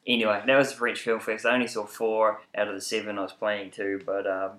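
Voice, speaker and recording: NZ male film reviewer, low voice, roomy studio, blunt and sweary. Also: flat delivery, quick pace, fairly bright tone. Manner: blunt, enthusiastic, swears freely. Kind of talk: casual chat. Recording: roomy echo.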